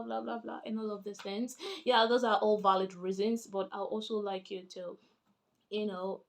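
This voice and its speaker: A woman, chatty and emphatic, explaining international politics in a casual vlog. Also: medium pitch. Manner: chatty and emphatic, animated when making points.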